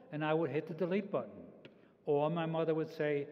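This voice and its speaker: An elderly man in his eighties, his voice sitting a touch higher than most, gives personal testimony in a halting way, stumbling and restarting as he goes. He speaks from a large hall with a long echo and a slightly muffled sound. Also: steady tone. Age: 80s. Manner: halting, with frequent restarts and repeated words. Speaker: Holocaust survivor speaker. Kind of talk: public talk, personal testimony.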